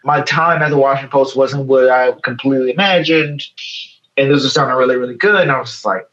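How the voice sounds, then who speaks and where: A man from Chicago's South Side in his thirties, speaking as a guest on a casual interview. He tells a story with energy, acting out the quotes as he goes. The recording is a bit dull and lo-fi. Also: mid-range voice. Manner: animated, fast storytelling with quoted dialogue. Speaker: guest, photo editor.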